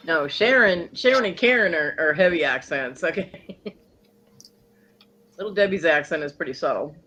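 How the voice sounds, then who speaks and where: Teasing man, slightly high voice. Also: normal speed, a little hiss or hum. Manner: teasing, joking, lively storytelling. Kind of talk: casual online livestream chat.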